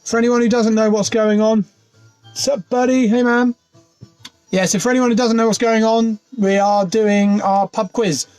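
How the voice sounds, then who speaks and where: A chatty man with a fairly high voice hosts a laid-back quiz livestream. He talks into his phone from inside his van and greets viewers one by one. Faint music plays in the background. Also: fairly even intonation, moderate pace, darkish tone, clear, resonant tone. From United Kingdom. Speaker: quiz host. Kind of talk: casual livestream chat.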